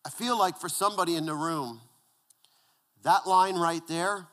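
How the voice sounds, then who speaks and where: A male pastor preaching a conversational sermon, repeating words and dropping to a hushed, low voice for emphasis. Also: normal speed, pauses often.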